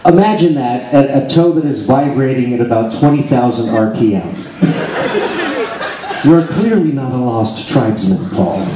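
A man giving mock-earnest, deadpan comebacks during a live comedy music show. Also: medium pitch, normal speed, noisy background. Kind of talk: bantering stage patter. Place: live show on a cruise ship. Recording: echoey live recording with music.

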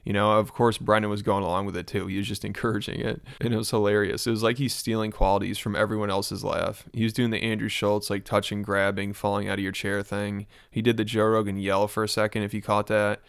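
Gravelly low man, dry commentary. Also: flat delivery, fast talker, hardly any pauses, no echo. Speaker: YouTube commentator. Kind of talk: casual reaction commentary.

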